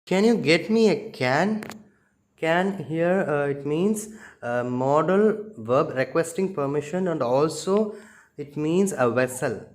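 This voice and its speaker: A male school teacher with an Indian English accent and a voice on the high side leads a slow, careful revision lesson. He explains the meanings of words one at a time.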